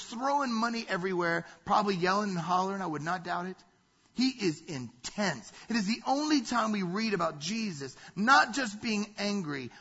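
A man's voice: high voice, pushed and bright, slightly rough, highs cut off. A man preaching a sermon, telling a scripture story and building to emphatic bursts. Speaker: pastor.

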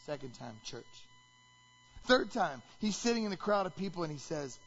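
A man preaching a sermon as pastor, animated and rising to shouts when he acts out quotes. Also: high-pitched, normal speed, lo-fi sound.

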